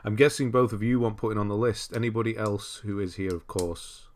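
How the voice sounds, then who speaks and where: A man's voice: lowish voice, fairly quick. A man from Britain hosting a casual livestream, chatting and greeting viewers by name. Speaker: livestream host. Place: cold room at home.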